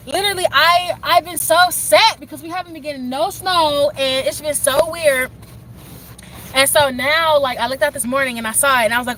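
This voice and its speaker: A young woman rambles happily to her livestream chat in a bright, forceful, slightly high voice. She is standing outside in the snow and talking into her phone while faint outdoor noise hums behind her. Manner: excited, rambling, talks straight to chat. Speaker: livestream host.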